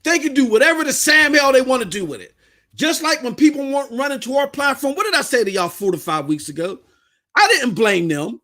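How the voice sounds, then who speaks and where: A man's voice: very high voice, expressive, brisk, bright, forceful tone. A man with a Southern US accent, hosting a podcast and ranting in blunt, fiery, slangy commentary. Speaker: podcast host. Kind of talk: heated commentary rant.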